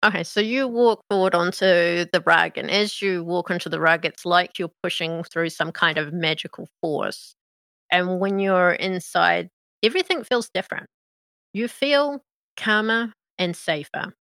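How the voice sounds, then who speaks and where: A woman narrating a tabletop role-playing game as game master, in a slow, measured way. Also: lowish voice, gravelly, fairly bright tone, dry recording.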